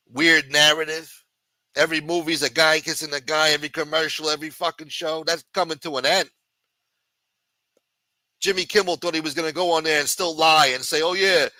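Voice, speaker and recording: A man's voice: on the high side, sharp tone, no room sound. A man ranting angrily and profanely as a podcast host. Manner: angry, profane, combative. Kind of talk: profane political rant.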